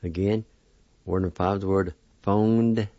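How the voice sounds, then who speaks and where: Slow, low-voiced man teaching pronunciation. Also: steady tone, mellow, no room sound. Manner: slow, deliberate, sounds out each syllable. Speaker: language teacher. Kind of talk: spelling and pronunciation lesson. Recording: dull lo-fi recording.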